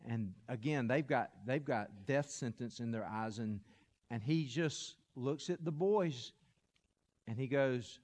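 A man preaching a sermon, telling a story with animated, building energy. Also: mid-range voice, slow, big-room sound. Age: adult. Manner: animated, builds to loud excited peaks when telling a story. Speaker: pastor.

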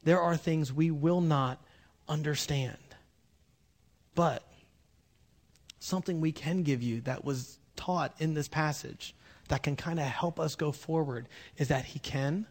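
A man preaching a conversational sermon with humorous asides, swinging between loud bursts and hushed moments. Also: on the high side, measured pace, pauses often. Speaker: pastor.

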